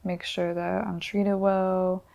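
A woman in her twenties, a podcast guest, chatting casually in relaxed, slangy talk full of "like". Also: lowish voice, slow pace, gravelly. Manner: relaxed, slangy, many "like" fillers. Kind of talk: casual chat.

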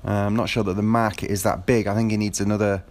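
A man's voice: on the low side, little pitch movement, fast talker, darkish tone. A man talking about his football team in a casual monologue, rambling with many fillers and restarts. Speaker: football fan.

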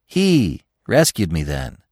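A man's voice: sits low, slow, no echo, clean studio sound, full character voice. A man voicing a boastful, cheerful young male deer in a storybook reading. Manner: boastful, lively.

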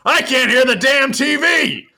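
A man's voice: very high voice, unhurried, gravelly, sharp tone, voice pushed up, full character voice. A man doing a hollering lecherous old man. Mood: brash. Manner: hollering, crude. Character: lecherous old man wrestler, brash, loud.

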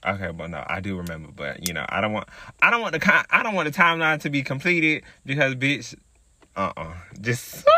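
Sassy profane man with a bright voice. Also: medium pitch. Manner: sassy, profane, chatty, calls listeners girl. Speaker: podcast host. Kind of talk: casual storytelling monologue.

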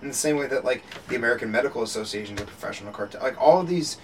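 A man's voice: medium pitch, expressive, rapid-fire. A man in casual podcast chat, rambling with many restarts and frequent laughter. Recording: distant mic with faint background noise.

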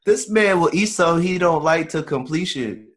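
Podcast co-host, man, high and very lively voice, blunt teasing humor. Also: moderate pace. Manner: excitable, blunt, laughs as he teases. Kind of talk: casual chat.

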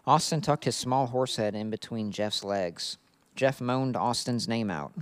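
A man's voice: mid-range voice, a little slow, no echo. A man co-hosting a podcast, chatting casually and reading fan fiction aloud while often laughing. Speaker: podcast co-host.

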